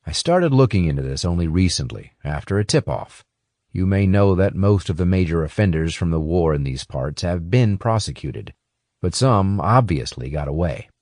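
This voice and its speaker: A man voicing a calm, courteous male investigator who speaks in a polite, measured way in a storybook. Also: deep voice, dry recording, clean studio sound.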